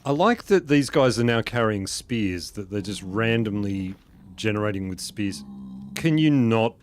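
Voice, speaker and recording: A man's voice: fairly low pitch, animated, unhurried. A man chatting casually and joking with viewers as he plays a game on a live stream, often laughing at his own jokes. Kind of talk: casual live-stream commentary while playing.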